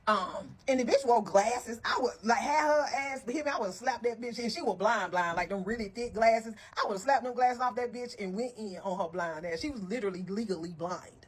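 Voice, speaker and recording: A woman telling a story to her viewers in a casual, animated and blunt way, heavy on profanity, with frequent asides to her listeners. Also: fairly high pitch, fairly quick, hardly any pauses, slightly rough.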